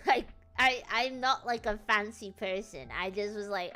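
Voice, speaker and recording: A woman from northern England rambles through a casual live stream, giggly and excitable, jumping from story to story. Her voice is bright and forward, with faint music playing behind her. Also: medium pitch, a little slow.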